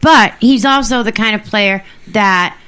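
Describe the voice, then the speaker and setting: A woman's voice: mid-range voice, a little slow, sharp tone, clean tone. A woman giving blunt, swearing opinions in casual podcast banter.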